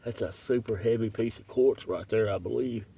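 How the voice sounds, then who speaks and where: A man vlogging as he digs for gemstones, chatty and excited, talking to viewers and breathing hard from the work. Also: fairly low pitch, normal speed. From Tennessee. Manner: excited, chatty, keeps addressing viewers as y'all. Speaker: rockhounding vlogger. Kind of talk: casual first-person narration while digging. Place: muddy riverbed outdoors. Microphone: phone camera, point-of-view. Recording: distant phone mic with clear outdoor noise.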